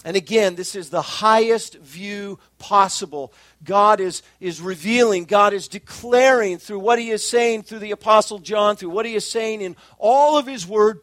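A man preaching an expository sermon, measured and emphatic, slowing down to stress key phrases. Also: high-pitched, fairly bright tone, dry recording. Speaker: pastor.

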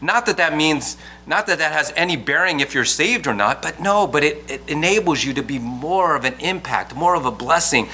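Man, pastor preaching, bright forceful tone, slightly high voice, earnest restarts. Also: lively intonation, moderate pace, few pauses, a little hiss or hum. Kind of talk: sermon.

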